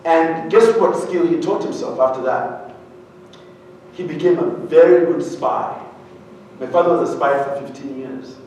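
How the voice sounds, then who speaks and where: A man from Uganda tells stories from a keynote stage with a humorous, animated delivery, often throwing questions back to the crowd. His voice sits a little high, and he stands well back from the microphone. It rings out through a very echoey hall over a faint hum. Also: measured pace. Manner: animated, humorous, quizzes the audience. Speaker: keynote speaker. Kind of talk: storytelling keynote speech. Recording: very echoey hall, voice far from mic.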